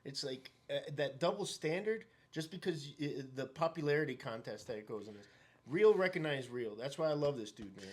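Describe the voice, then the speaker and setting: A man's voice: a little high, lively intonation, brisk, breathy edge. A man as a guest in a casual talk, speaking emphatically and with strong opinions. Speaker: guest, fellow activist. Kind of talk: casual conversation.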